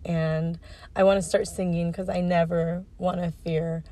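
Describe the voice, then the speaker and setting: A woman's voice: fairly low pitch, level tone, unhurried, dark tone, no room sound. A woman in her thirties hosting a solo podcast, speaking earnestly and reflectively with frequent fillers and restarts. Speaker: podcast host.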